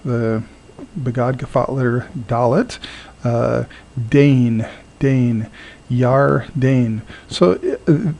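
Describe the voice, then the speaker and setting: Male instructor, gravelly low-mid voice, hesitant lecturing with lots of fillers, repeats words to show pronunciation. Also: darkish tone. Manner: halting, many fillers, repeats words slowly to model sounds. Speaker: teacher. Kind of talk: recorded lecture.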